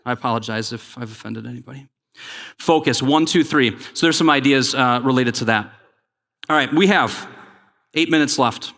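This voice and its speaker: A man giving a conference keynote, energetic and joking, calling on the crowd to respond. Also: mid-range voice, normal speed. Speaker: keynote speaker. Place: large conference hall. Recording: long hall reverb.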